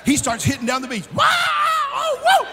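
A man preaching at a youth conference, telling a comic story with shouts and laughs. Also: very high-pitched, wildly swooping pitch, moderate pace, a loud crowd, very noisy. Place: large conference hall. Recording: long hall reverb.

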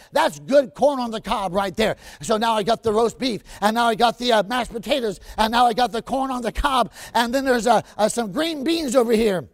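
A middle-aged man preaching a storytelling sermon, animated, stretching words and breaking into sudden shouts. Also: very high voice, normal speed, hardly any pauses, dry recording.

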